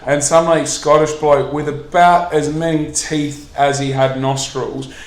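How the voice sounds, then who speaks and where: A man's voice: on the high side, level tone, a little slow. A man telling rambling, sweary anecdotes in a casual chat, laughing often. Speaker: podcast co-host. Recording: roomy echo with faint background noise.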